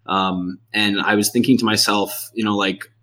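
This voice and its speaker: Low-voiced, relaxed male podcast guest. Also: normal speed. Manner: relaxed and chatty, joking, with frequent fillers. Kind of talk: casual interview conversation.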